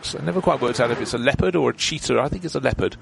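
Guy doing race commentary, gravelly voice, chatty and explains everything, noise in the background. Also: mid-range voice, very fast. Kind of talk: motorsport commentary.

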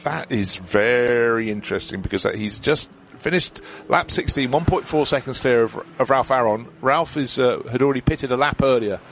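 A man's voice: medium pitch, moderate pace, few pauses, a bit bright, a little hiss or hum. A man commentating on a motor race, explaining strategy in detail with a chatty manner.

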